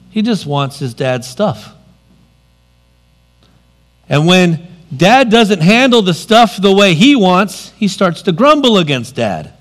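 A man preaching a sermon, expressive, moving between loud emphasis and quiet, dropped asides. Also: sits high.

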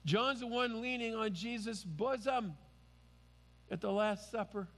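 Slow, emphatic preaching man. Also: sits high, in a large hall. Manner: earnest, emphatic preaching with rising exclamations. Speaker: pastor. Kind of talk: sermon.

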